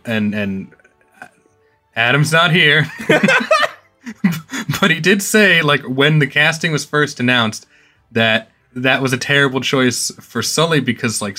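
A man co-hosting a casual podcast, dry and a little hesitant, with a wry edge. His voice is bright and forceful, with faint music playing underneath. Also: medium pitch. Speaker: podcast co-host.

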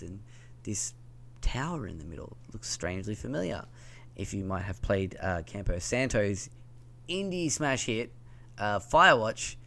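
A man's voice: on the low side, gravelly, a bit bright, slight background noise. A man with a slight lisp hosting a casual gaming news podcast, talking in a loose, rambling way with plenty of ums and likes. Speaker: podcast host.

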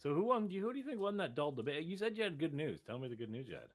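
A man's voice: fairly high pitch, very animated, fast talker. A man co-hosting a casual podcast, rambling and riffing loosely. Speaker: podcast co-host. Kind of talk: casual chat.

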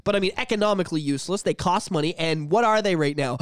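Animated high-voiced man joking. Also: quick pace, hardly any pauses, dry recording, studio quality. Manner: animated, joking, swears freely. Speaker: podcast co-host. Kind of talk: casual podcast banter.

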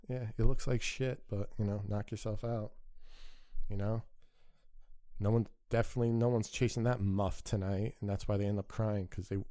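A man's voice: fairly low pitch, warm tone, dry recording, clean studio sound. A man hosting a podcast, delivering a crude, sarcastic solo rant with an exasperated tone. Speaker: podcast host.

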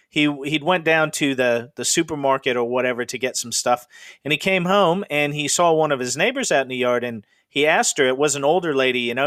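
A man's voice: fairly high pitch, a bit bright, no echo, studio quality. A middle-aged man from the Pacific Northwest, hosting a podcast and telling ghost stories in a chatty, rambling way with frequent fillers. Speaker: podcast host. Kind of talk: casual ghost storytelling.

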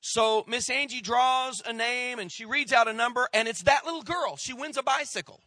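A middle-aged male pastor telling a story in a sermon, acting out the people he quotes and dropping to a hush at tense moments. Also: very high voice, normal speed, dry recording, studio quality. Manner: animated storyteller, acts out quoted voices, drops to hushed tones.

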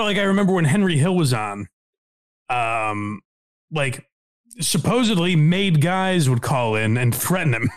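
Male podcast host, animated storyteller who laughs a lot, casual chat. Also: a little high.

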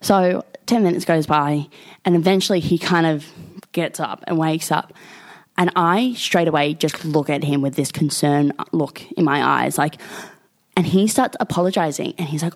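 A woman's voice: low-pitched, moderate pace. Young woman telling a story. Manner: animated storyteller, swears, laughs often. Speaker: podcast co-host. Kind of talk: casual chat, storytelling.

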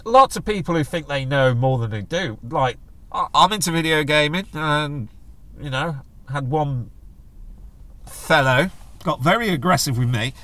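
A middle-aged man hosts a casual solo podcast, rambling and joking, and puts on silly voices when he quotes people. His voice is on the high side, animated and fairly bright, delivered at a measured pace.

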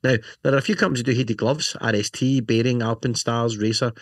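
A man's voice: mid-range voice, steady tone, fast talker, dry recording, clean studio sound. Rambling, jokey man. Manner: jokey, rambling, lots of "you know" and "right?". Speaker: podcast co-host. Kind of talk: casual chat about motorcycle gear.

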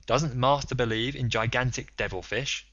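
A man reading aloud, voicing a calm manservant who speaks in a deadpan, matter-of-fact way. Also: medium pitch, moderate pace, dull audio, close to an everyday voice. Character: calm, unflappable male manservant.

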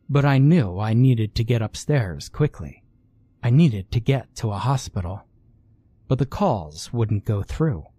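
A man narrating a first-person horror story in a measured, scripted way. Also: medium pitch, mellow, slightly rough, no room sound.

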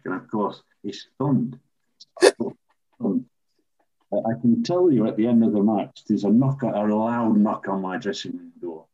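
An older man from England, a former referee, telling animated anecdotes as an interview guest. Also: fairly low pitch, unhurried. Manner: animated raconteur, acts out quoted voices. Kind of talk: anecdotal storytelling. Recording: dull lo-fi recording.

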